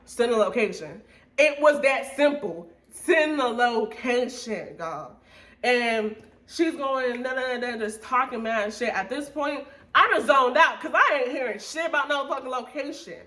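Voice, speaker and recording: Blunt, swearing high-voiced young woman. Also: measured pace. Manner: blunt, heavy swearing, animated retelling. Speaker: storytime vlogger. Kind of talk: casual storytelling to viewers.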